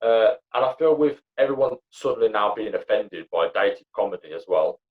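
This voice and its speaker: A man's voice: lowish voice, animated, normal speed. Sweary young man, muffled. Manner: blunt and sweary, rambling with many fillers. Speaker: podcast guest, comedy actor and writer. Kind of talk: casual chat. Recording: dull lo-fi sound.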